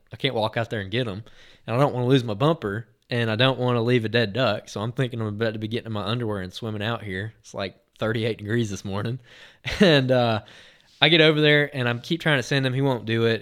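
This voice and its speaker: A man hosting a podcast eagerly shares a story, wandering off track, starting over repeatedly and filling gaps with "like" and "uh." His voice is ordinary and medium-pitched, and his tone stays casual and relaxed.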